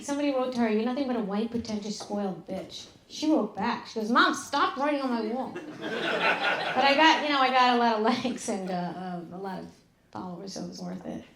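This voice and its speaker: A middle-aged woman doing a live stand-up set, brash and profane, with deadpan asides. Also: medium pitch, roomy sound, background noise. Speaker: stand-up comedian. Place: club stage with an audience. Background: audience laughter.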